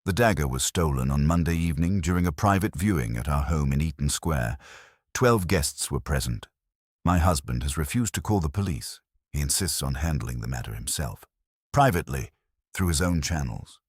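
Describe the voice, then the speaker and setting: A man voicing a frightened, elegant woman of about thirty who speaks in a low, anxious voice while keeping her composure under strain. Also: expressive, normal speed, breathy edge, dry recording, studio quality, exaggerated voice.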